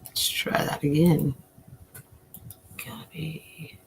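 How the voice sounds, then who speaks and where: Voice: medium pitch, level tone, very slow, creaky, a little hiss or hum. An adult livestream host and self-described coin nerd, chatting casually with viewers in a rambling way, swearing often and chuckling.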